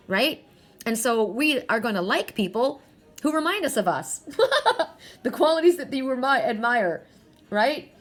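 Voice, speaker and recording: A woman's voice: on the high side, fairly bright tone. A woman giving a spiritual oracle card reading to her viewers. She is earnest and emotional, often restarts and repeats phrases.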